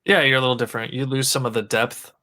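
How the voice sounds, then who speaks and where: A man's voice: medium pitch, fairly even intonation, quick pace, bright, forceful tone. A man co-hosting a casual tech podcast, chatting in an easygoing, loose way. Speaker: podcast co-host.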